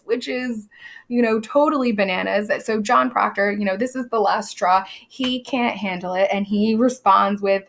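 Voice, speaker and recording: Role: teacher. Style: online literature lesson. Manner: casual, chatty, quick asides. Pitch: mid. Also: female voice. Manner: casual, chatty explaining with fillers. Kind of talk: literature lesson over a video call.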